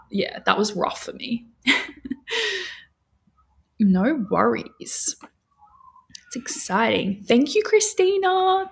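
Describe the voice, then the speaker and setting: Young woman, livestream host; gravelly, rough-edged voice, easygoing chatter with viewers. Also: lowish voice. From Australia. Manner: chatty, rambling, answers viewer chat, many fillers. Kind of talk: casual livestream chat.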